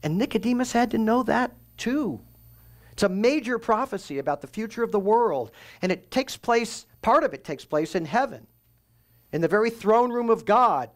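A pastor with a high-pitched, animated voice preaches an expository sermon at normal speed, going through scripture verse by verse. His tone is conversational and teaching, and he asks and answers his own questions.

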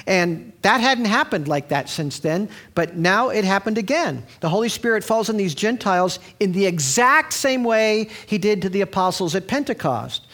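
A man preaching a sermon in a conversational, storytelling way, with frequent restarts. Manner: animated, sweeping pitch.

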